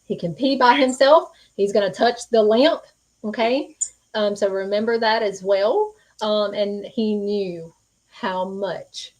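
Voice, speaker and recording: A woman's voice: mid-range voice, a little mellow, poor audio. A woman hosting a live-stream psychic reading, earnest and reassuring, speaking folksy with many fillers. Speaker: psychic medium host.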